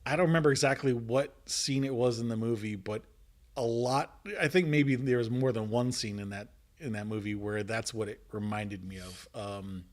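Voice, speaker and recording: A man's voice: mid-range voice, normal speed. A man co-hosting a casual podcast chat, thoughtful and hesitant, often searching for his words. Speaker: co-host.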